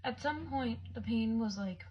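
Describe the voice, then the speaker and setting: A woman's voice: a little high, measured pace. A woman casually recounting her own experience as a patient, talking in a chatty way full of filler words. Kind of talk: casual personal storytelling. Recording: dull lo-fi with faint background noise.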